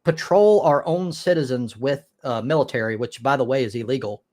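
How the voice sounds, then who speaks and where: A man's voice: mid-range voice, a little fast, a little mellow. Profane American man hosting a stream. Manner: profane, rambling with restarts. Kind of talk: casual crude chat.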